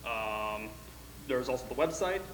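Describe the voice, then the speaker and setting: A man on a convention staff panel, answering questions in a quiet, offhand, somewhat hesitant way. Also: mid-range voice, lively intonation, a little slow, slight background noise. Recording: roomy hall reverb, speaking away from the mic.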